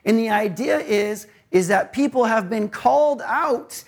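A man's voice: high-pitched, lively intonation, a little slow, vocal fry, few pauses. A male pastor preaching a conversational sermon and asking rhetorical questions.

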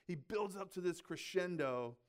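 A male pastor delivers a conversational sermon in a high, animated voice at a moderate pace. He keeps it casual and chatty, sprinkling in "like" and "right?" as he checks in with his listeners.

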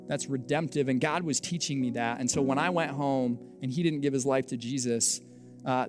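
A young adult man, a pastor, telling a story in a sermon with animated, self-mocking delivery and acted-out dialogue. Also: mid-range voice.

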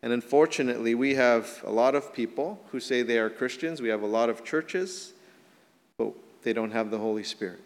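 A male pastor preaching a sermon, swinging from emphatic rises to soft, quiet drops. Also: mid-range voice, moderate pace, in a large hall. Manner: earnest preaching, rising emphatic then dropping soft.

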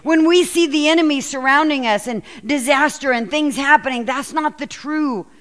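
A woman pastor preaching a sermon and reading scripture aloud, telling the story with lively, acted-out quotes. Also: sits high, moderate pace. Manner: animated storytelling, acts out quoted lines.

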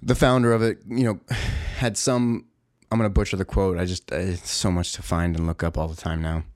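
A man's voice: sits low, flat delivery, brisk, a little mellow, no echo, studio quality. A man in a profane, exasperated, rambling rant, full of restarts and asides. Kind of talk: ranting monologue.

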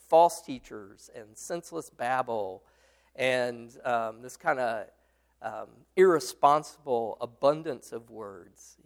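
A man's voice: mid-range voice, vocal fry. A man leading a Bible study discussion, explaining a passage with many fillers and restarts and answering his students. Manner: explains patiently, responds to students.

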